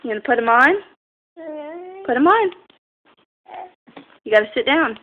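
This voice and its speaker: High-voiced mother coaxing toddlers. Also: very animated, a little slow, phone-quality sound. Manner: sing-song baby talk, coaxing and playful. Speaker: parent filming her children. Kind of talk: home video, talking to small children. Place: family home. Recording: noisy home video.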